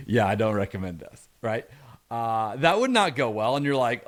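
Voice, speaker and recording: Animated man giving a lively sermon. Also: medium pitch, unhurried, long pauses. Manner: animated, reads scripture aloud with playful asides. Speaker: pastor. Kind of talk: conversational sermon.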